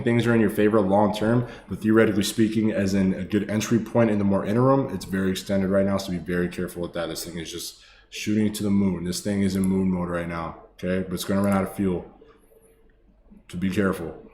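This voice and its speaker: A man's voice: low-pitched, a little mellow, a little hiss or hum. A man casually talking viewers through stock charts on a live stream, swearing freely and calling them brother and boss. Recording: echoey room with faint ambience.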